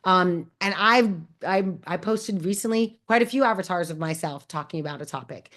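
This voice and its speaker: A woman's voice: fairly low pitch, normal speed. Upbeat woman giving career advice. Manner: energetic, encouraging, calls out to the audience. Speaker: host. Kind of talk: Q&A advice talk.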